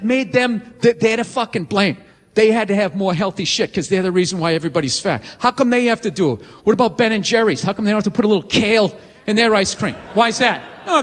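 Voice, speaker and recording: A man's voice: sits high, a bit bright. A man in his forties doing a profane, exasperated stand-up rant on a comedy stage with a handheld mic. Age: 40s. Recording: live hall reverb, faint noise.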